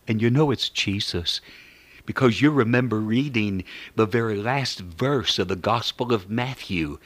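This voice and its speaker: A man preaching a sermon in an earnest, measured way, reciting scripture as he goes. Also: lowish voice, dry recording.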